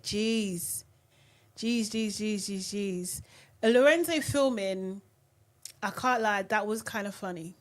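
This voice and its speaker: A woman's voice: mid-range voice, slow, long pauses. A young woman hosting a casual live recap, chatty and giggly, reading viewer comments aloud. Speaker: live-stream host.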